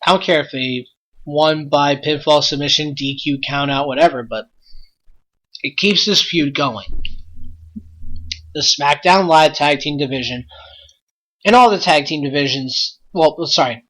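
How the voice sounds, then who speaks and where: A man's voice: on the high side, unhurried, pauses often, sharp tone. A man hosting a wrestling podcast, ranting in an exasperated, blunt way with lots of rhetorical questions. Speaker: podcast host.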